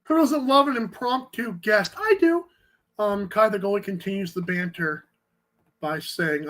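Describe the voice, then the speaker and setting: A man hosting a sports talk show, joking in quick casual banter with an energetic manner. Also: high voice. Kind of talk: casual chat.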